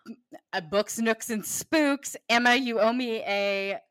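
A woman's voice: fairly high pitch, slow, smooth. A woman co-hosting a book podcast, giggling and chatting casually. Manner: giggly, animated, reads listener messages aloud. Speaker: podcast co-host. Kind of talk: casual chat.

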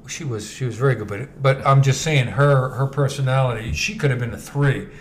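A man, co-hosting a podcast and telling stories in a loud, animated, profane way, acting out what people said. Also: medium pitch, brisk, slight background noise. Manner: animated, profane, acts out quotes loudly. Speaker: podcast co-host. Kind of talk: casual storytelling chat.

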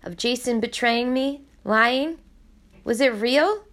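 A woman's voice: fairly high pitch, takes it slowly, a bit bright, voice pushed up. A woman reading aloud voices a desperate teenage girl who pleads breathlessly and urgently. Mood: urgent, pleading.

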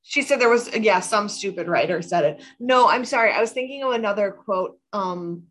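A woman co-hosting a podcast in a plain, mid-pitched voice. She recaps a TV episode in casual chat, thinking aloud and often correcting herself mid-sentence. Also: animated, normal speed, fairly bright tone. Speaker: podcast co-host.

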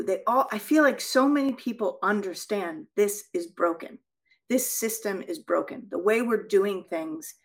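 A woman co-hosting a talk show, with a background in healthcare, speaking in a reflective, affirming way. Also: mid-range voice. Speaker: podcast co-host with a healthcare background. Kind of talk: casual conversation.

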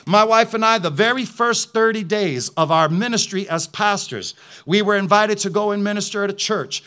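High, bright-voiced man preaching. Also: normal speed. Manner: impassioned storytelling, rising to fervent declarations. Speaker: pastor. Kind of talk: preaching testimony.

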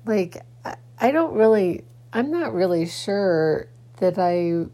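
Slow, mellow-voiced woman rambling. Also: medium pitch, animated. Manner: rambling, many restarts and fillers. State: sleepy, yawning. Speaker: podcaster. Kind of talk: casual personal vlog.

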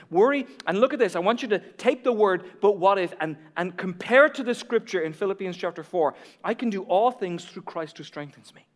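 A man preaching a sermon, emphatic and repetitive, swinging from hushed to loud. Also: sits high. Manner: emphatic, repeats key lines, drops to near whisper then builds. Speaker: pastor. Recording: long reverb of a large hall.

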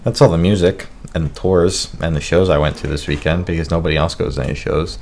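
A man's voice: sits low, steady tone, quick pace, gravelly, darkish tone, slight background noise. A young man hosting a live-streamed podcast, chatting casually with a joking, self-mocking manner and frequent swearing. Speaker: podcast host.

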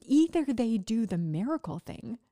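A woman talking casually to her listeners, speaking haltingly with word-finding pauses, restarts and self-mocking laughs. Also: a little high, very animated, mellow. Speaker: podcast host recovering from brain injury. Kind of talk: casual personal monologue.

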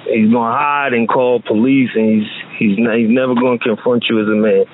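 A man's voice: mid-range voice, fairly even intonation, fairly quick. New jersey guy on a phone line, plainspoken, bit of hiss, keeps restarting himself. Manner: plainspoken, emphatic, many restarts. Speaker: phone guest. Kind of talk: casual phone conversation.

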